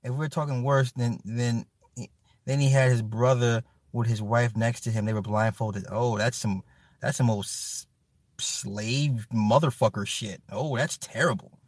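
A man hosting a casual livestream talk, loose and profane, swinging from low mutters to loud animated outbursts. His voice sits at an ordinary male pitch. It is recorded dry and close, with no room sound. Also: a little slow, dry recording. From Chicago. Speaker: livestream host reading chat. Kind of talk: casual chat.

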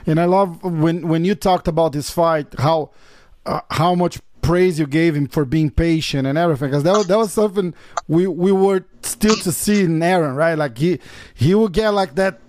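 Man as a chatty, higher-voiced co-host. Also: moderate pace, a little mellow, no echo. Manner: chatty, keeps tagging "right?". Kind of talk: casual chat.

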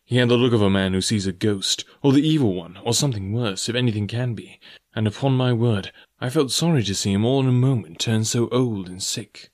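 A man reading an audiobook aloud in measured first-person narration. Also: medium pitch, darkish tone. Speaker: audiobook reader.

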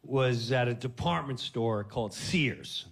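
A man hosting a podcast and telling comic stories, animated and laughing, jumping into voices. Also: mid-range voice, takes it slowly, creaky. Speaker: podcast host. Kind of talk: comic storytelling.

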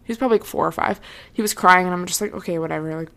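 A woman's voice: fairly low pitch, very fast, gravelly, pushed and bright. A young woman hosting her own podcast, chatting casually and earnestly, with lots of "like" and trailing thoughts. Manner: earnest, reassuring. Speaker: podcast host. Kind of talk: casual solo podcast chat.

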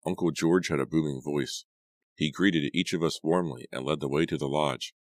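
A man reading a young adult horror novel aloud as a steady audiobook narrator. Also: a bass voice, moderate pace, no echo, clean studio sound. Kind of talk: scripted narration.

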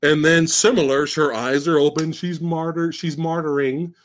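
A man hosting a casual podcast, mocking a film's plot in a profane, animated way as he retells it. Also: on the high side, normal speed. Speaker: podcast host. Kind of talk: casual podcast film discussion.

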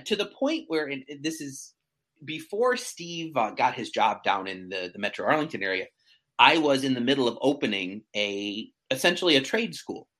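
A man in his thirties chatting casually as a guest, animated and self-mocking, often stumbling over restarts. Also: medium pitch, normal speed. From central New York. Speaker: guest, real estate agent. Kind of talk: casual chat.

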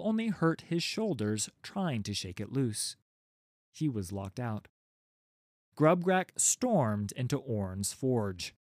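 A man's voice: medium pitch, big pitch swings, takes it slowly, darkish tone, no room sound, studio quality. A man narrating a children's storybook, with wry, playful asides to his listeners.

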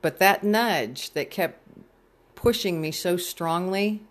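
A middle-aged speaker telling a personal faith story to an audience, earnestly acting out their own past thoughts in a gentle, heartfelt way. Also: mid-range voice, takes it slowly. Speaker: storyteller sharing a faith testimony.

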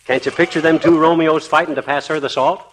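A man's voice: a little high, steady tone, moderate pace, a bit bright, close to an everyday voice. An actor playing a boastful, wisecracking middle-aged husband in a 1940s radio comedy, brash and slangy, chuckling at his own jokes. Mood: joking. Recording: old radio recording with faint noise.

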